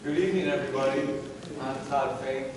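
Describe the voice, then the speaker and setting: A man opening a public presentation in a polite, measured way. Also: medium pitch. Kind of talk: formal opening of a public talk. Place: large echoey hall. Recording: echoey hall from far off, faint background hum.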